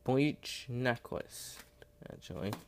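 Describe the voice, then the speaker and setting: A man speaks slowly at a medium pitch while unboxing an item in his home kitchen for a phone camera with headphones plugged in. He rambles casually, pokes fun at himself and keeps apologizing and using fillers. Slight background noise is audible.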